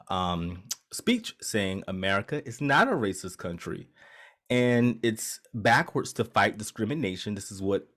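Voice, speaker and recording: A man co-hosting a casual chat podcast, talking loosely with many ums and restarts. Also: low voice. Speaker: podcast co-host.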